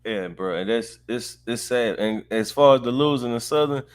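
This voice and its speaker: A man's voice: medium pitch, moderate pace. Male co-host on a sports podcast, blunt, emphatic, easygoing slang, mid-range voice. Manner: blunt, emphatic, says "bro". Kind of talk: casual sports podcast talk.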